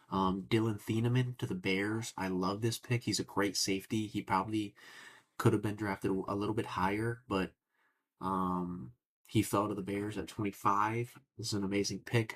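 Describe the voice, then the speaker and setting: A young man hosting a casual sports podcast, opinionated and rambling, cursing now and then. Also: on the low side. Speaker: podcast host.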